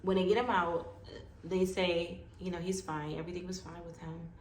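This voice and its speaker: A woman vlogger telling a personal story in a lively way, acting out what others said. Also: fairly low pitch, moderate pace. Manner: animated, acts out quoted dialogue. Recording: echoey room with faint background noise.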